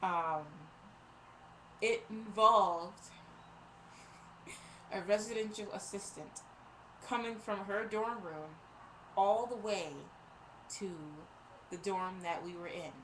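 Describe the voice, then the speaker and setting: A young woman telling a story from her college days in a casual vlog, animated and exasperated, sometimes laughing. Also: on the low side. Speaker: vlogger. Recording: steady background noise.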